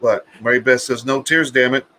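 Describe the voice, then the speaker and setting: Man, mid-pitched live-stream co-host, crude joker who stammers and repeats words, faint background noise. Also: fairly even intonation, fairly quick, bright, forceful tone. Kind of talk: casual banter.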